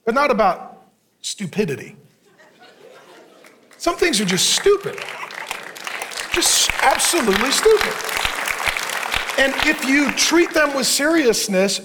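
A man preaching a sermon as pastor, mixing scripture with sarcastic jokes and quick asides to the congregation. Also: sits high, sharp tone.

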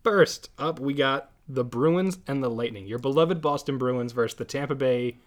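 A man's voice: mid-range voice, moderate pace. A man hosting a sports podcast, chatting casually, often laughing as he tells stories. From Massachusetts. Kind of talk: casual chat.

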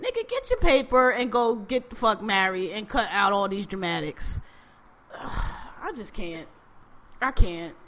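A woman hosting a casual chat, ranting with profanity and quick animated emphasis. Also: medium pitch.

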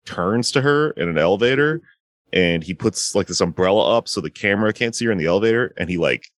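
Retelling a movie plot to a friend, this man speaks quickly in a voice on the low side with lively intonation, and there's no room sound. It's a casual, rambling chat packed with fillers and acted-out quotes.

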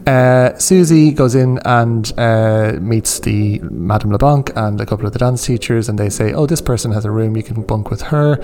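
A man's voice: on the low side, moderate pace, hardly any pauses, mellow. A man co-hosting a casual podcast, matter-of-fact as he sums up a film's plot. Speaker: podcast co-host.

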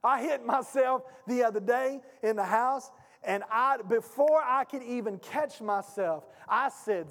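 A man preaching a sermon as pastor, with a call-and-response delivery that swings from hushed to shouting. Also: very high-pitched, measured pace. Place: church sanctuary. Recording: long hall reverb.

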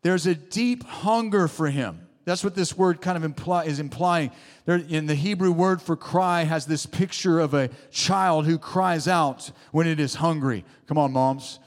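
In a church sanctuary with long hall reverb, a pastor preaches emphatically, his exclamations rising as he tosses call-and-response asides to the congregation. His voice is a little high, and his pace is measured.

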